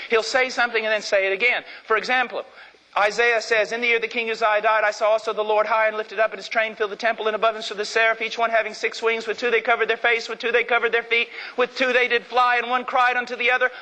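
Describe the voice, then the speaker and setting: A man preaching a sermon with fervor, repeating phrases for emphasis and swinging from loud to low. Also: long reverb tail, low-quality recording.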